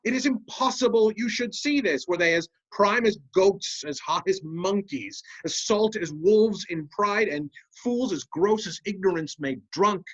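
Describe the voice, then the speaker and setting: In an amateur Shakespeare reading, an actor voices a sly, scheming male officer at a middling pitch close to an everyday voice. His delivery is measured and insinuating, and the audio is muffled and lo-fi.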